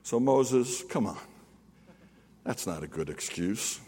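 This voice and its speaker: An older man, a pastor preaching an animated sermon, swinging from loud to hushed and calling on the congregation to answer. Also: fairly low pitch, slow pace. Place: church sanctuary. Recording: long hall reverb.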